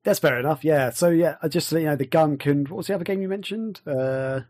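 A man's voice: on the high side, brisk, a little mellow, no echo. A man with an English accent hosting a casual gaming podcast, rambling with lots of fillers and restarts. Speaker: podcast host.

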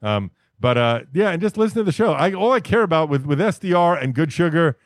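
A man's voice: a little high, animated, brisk, no echo. A man talking casually as a podcast host, laid-back and swearing freely while telling stories. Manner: laid-back, swears often, name-drops.

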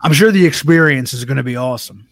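A man's voice: medium pitch, fast talker, no room sound, studio quality. A man co-hosting a casual live podcast chat, joking and laughing easily. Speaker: podcast co-host.

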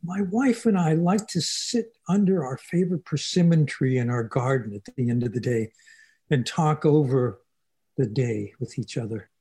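A man voicing a friendly little old man who speaks in a gentle, cheerful way. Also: mid-range voice, lively intonation, moderate pace, breathy edge.

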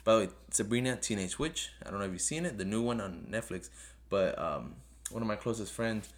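Man, low voice, hosts his own podcast; rambles unscripted, earnest and repetitive; English as a second language. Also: lively intonation, a little fast. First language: not English. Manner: rambling, talks off the cuff; earnest, pleading, repeats himself. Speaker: podcast host. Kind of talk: casual solo podcast review.

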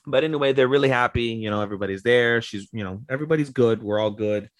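A man's voice: medium pitch, fast, no room sound. A man co-hosting a podcast, rambling through a casual recap with lots of fillers and casual swearing. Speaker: podcast co-host.

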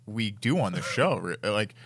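A man's voice: fairly low pitch, animated, moderate pace, fairly bright tone, breathy edge, dry recording. A man co-hosting a casual podcast chat, asking questions and teasing the others. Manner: inquisitive, teasing, laughs often. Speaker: podcast co-host.

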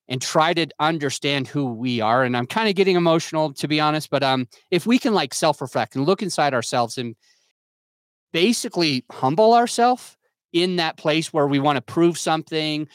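A young man with a voice pitched a little high speaks earnestly and openly, often starting over as he searches for the right words. The sound is dry and close, with no room around it. He comes across as reflective and hard on himself. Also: no echo. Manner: earnest, searching, self-critical, restarts often. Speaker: podcast guest, entrepreneur and father. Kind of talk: candid reflective podcast talk.

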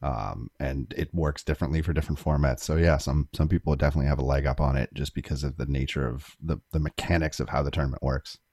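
A man co-hosting a card-game podcast, talking in a relaxed way with frequent ums and uhs. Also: a bass voice, fast, few pauses, husky, no room sound, studio quality. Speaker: podcast co-host.

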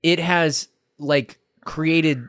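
A man's voice: fairly high pitch, steady tone, extremely slow, a bit bright, dry recording, studio quality. A young man co-hosting a podcast, joking and swearing casually as he chats. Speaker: podcast co-host. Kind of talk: casual chat.

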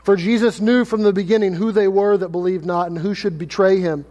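Male pastor, expressive sermon delivery, high voice, long church reverb. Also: fairly quick, dull audio. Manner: expressive preaching, acts out quoted lines in lively paraphrase.

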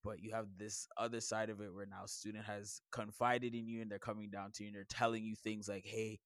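A man co-hosting a podcast, hoarse from cheering, telling stories in a laughing, chatty way. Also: on the low side, flat delivery, a little fast, a bit bright, dry recording, studio quality. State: hoarse, losing his voice. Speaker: podcast co-host. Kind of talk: casual chat.

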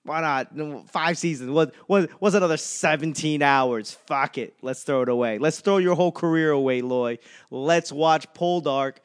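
A man's voice: fairly high pitch, moderate pace, clear, resonant tone. A man in his thirties hosting a casual solo podcast, rambling and self-mocking with plenty of swearing. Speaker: podcast host.

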